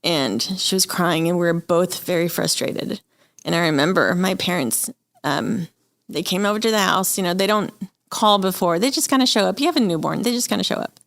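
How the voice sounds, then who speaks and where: A woman's voice: lowish voice, a little fast, creaky, a bit bright, no echo. A woman in her forties, an interview guest, telling her personal story openly and with feeling. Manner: candid, open, quotes people she talks to.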